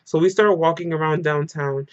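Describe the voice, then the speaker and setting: A young man recounts a night out in a casual storytime vlog. His voice sits a little high for a man and runs animated and emotional, filled with "like". The audio sounds somewhat muffled and lo-fi. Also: moderate pace. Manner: animated, emotional retelling full of "like". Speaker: storyteller vlogger.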